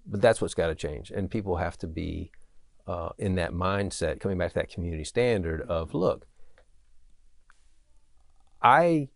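A man's voice: low voice, vocal fry, no echo, studio quality. A man speaking earnestly and emphatically in conversation, often checking in with "right?". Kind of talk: casual conversation.

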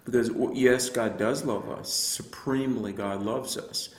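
Here the evangelist's mid-range voice holds a steady tone at a measured pace, with noticeable reverb. As an apologist guest on the radio, he gives a personal testimony of faith in an earnest, reflective manner, filling gaps with frequent fillers.

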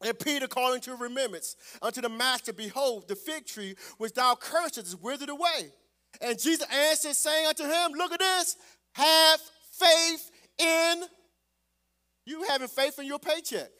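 A man preaching a sermon as pastor, calling out to the congregation and swelling loud on scripture. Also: extremely high pitch, moderate pace.

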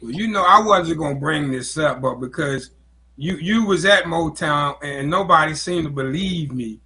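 Bright-voiced joking male host. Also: a little high, normal speed, husky. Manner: joking, playful. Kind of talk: casual interview banter.

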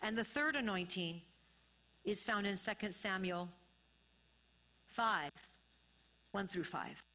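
A woman's voice: medium pitch, a bit bright. A woman pastor preaching a sermon, repeating phrases and building to emphatic, rising bursts.

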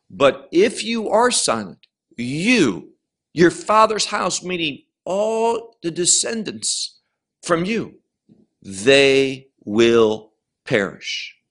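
A man giving a Bible lecture as its teacher, stressing key words slowly and emphatically, often restarting and repeating words as he explains. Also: on the high side, fairly bright tone.

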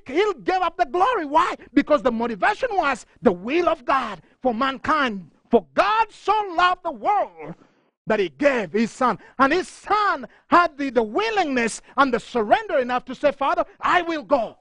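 A middle-aged man preaching a fervent sermon, reading scripture aloud and rising to near shouting. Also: very high voice, no echo. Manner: reads scripture passages aloud.

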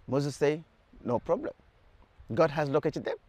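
Fervent high-pitched man preaching a prayer. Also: measured pace, darkish tone, no room sound. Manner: fervent, repetitive exhortations to the viewer. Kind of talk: televised prayer sermon.

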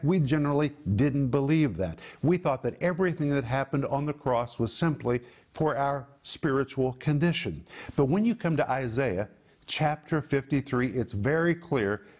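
Middle-aged male pastor, higher register, emphatic preaching with stressed repetition. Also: darkish tone. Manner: emphatic, repeating words for stress. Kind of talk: sermon.

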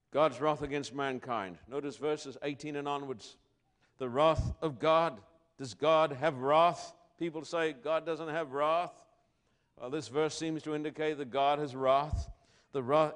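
A middle-aged man preaching a sermon, emphatic, asking rhetorical questions and swinging between loud declarations and quiet lines. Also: fairly high pitch.

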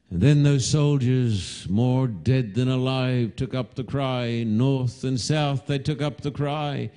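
A man preaching a sermon, telling a story slowly and dramatically and rising to loud cries when he voices the calls. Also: medium pitch, fairly even intonation, smooth.

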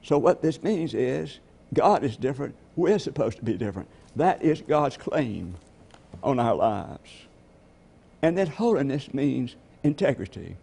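Gravelly, husky-voiced male preacher. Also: medium pitch, sing-song, unhurried, dark tone. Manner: storytelling preacher with rhetorical questions to the congregation. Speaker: pastor. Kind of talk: sermon.

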